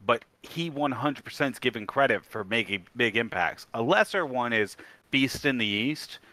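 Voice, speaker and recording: A man's voice: mid-range voice, animated, moderate pace, bright, forceful tone, no echo. A man co-hosting a wrestling podcast in casual chat, matter-of-fact and brief. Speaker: podcast co-host.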